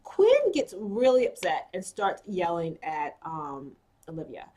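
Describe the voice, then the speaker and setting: A woman's voice: fairly low pitch, huge pitch swings, a little slow, dark tone. A woman giving a casual recap of a TV episode, chatty and full of "you know" asides as she quotes the characters. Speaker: TV episode reviewer.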